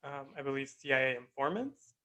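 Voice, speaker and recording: A man co-hosting a casual discussion podcast, speaking in a measured, qualifying way. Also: mid-range voice, expressive, a crowd in the background, low-quality recording. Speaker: podcast co-host.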